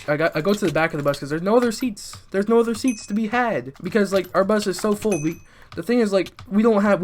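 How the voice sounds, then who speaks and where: Gaming while he talks, a teenage YouTuber from the American South spins a rambling, joking storytime, frequently starting over and muttering at the screen. His voice is on the high side, and the recording has a little hiss or hum.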